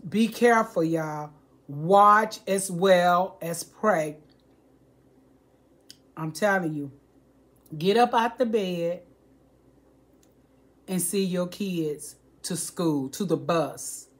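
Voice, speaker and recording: A woman's voice: on the low side, drawn-out words, pauses often. An older woman, vlogging an earnest warning to her viewers, pleading and preachy and often repeating herself. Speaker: home cooking vlogger.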